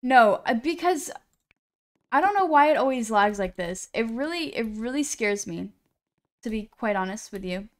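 A woman live-streams her gameplay, talking to viewers in a loose, rambling way and joking at her own expense. Her voice sits a little high and comes across smooth and clean. She speaks into a computer streaming mic. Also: lively intonation, normal speed. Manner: chatty, rambling, self-deprecating. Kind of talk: casual gaming live-stream chat.

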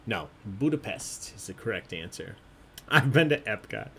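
A man's voice: lowish voice, big pitch swings, moderate pace, a bit bright, slight background noise. A man hosting an online trivia game, chatty and jokey, often laughing as he reads out answers. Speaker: trivia host.

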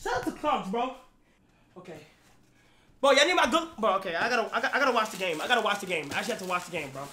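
A young man in his twenties streaming live, loud, excitable and full of slang. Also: high voice, rapid-fire, slight background noise. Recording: roomy.

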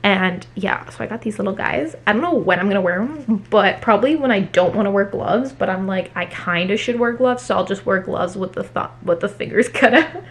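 A woman chatting casually at home in a haul vlog, talking fast with many fillers. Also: mid-range voice. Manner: chatty, fillers every few words. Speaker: book vlogger.

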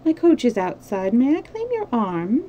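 A woman's voice: a little high, sing-song, normal speed, mellow, highs cut off, slight background noise, voice pushed up. A woman reading the lines of a desperate young noblewoman in an urgent, pleading voice.

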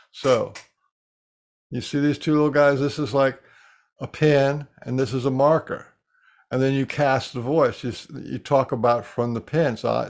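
A man's voice: mid-range voice, creaky. A man on a talk show, demonstrating something eagerly and restarting his sentences often. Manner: animated demonstrating with frequent restarts. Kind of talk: casual chat.

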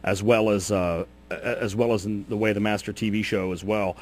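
A man's voice: lowish voice, fairly even intonation, brisk, a little mellow, dry recording. A man hosting a radio interview who asks questions hesitantly, with many fillers. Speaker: radio host.

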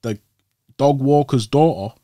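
Young man, guest on a podcast, animated retelling with put-on voices, dry room. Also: medium pitch, measured pace, no room sound. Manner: animated, acts out quoted voices. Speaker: interview guest. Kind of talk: casual storytelling.

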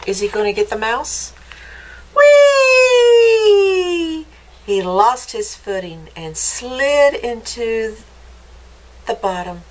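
A woman reading a picture book aloud to children for a library storytime, stopping often to ask them gentle, playful questions. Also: mid-range voice, takes it slowly, slight background noise, rough recording.

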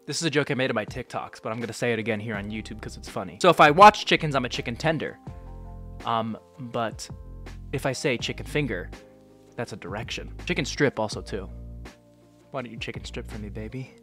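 A man in his twenties reads fan messages aloud in a casual vlog, sarcastic and animated, jumping from muttered asides to sudden yelps. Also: mid-range voice, fairly quick, soft background music. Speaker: content creator.

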